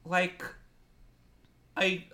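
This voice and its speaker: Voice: drawn-out words, pushed and bright. A person in a casual chat, speaking hesitantly with many fillers and self-corrections.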